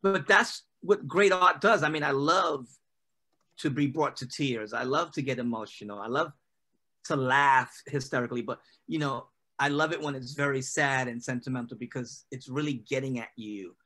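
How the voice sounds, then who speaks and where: A man, a poet, answering interview questions in a loose, casual way, full of "you know" and quick asides over a video call. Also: medium pitch, bright, forceful tone. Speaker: poet and guest.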